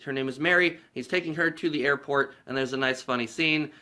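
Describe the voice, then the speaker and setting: A man's voice: mid-range voice, a little fast, pushed and bright. A man hosting a casual movie review vlog, recapping scenes in a rambling, profane way and laughing along.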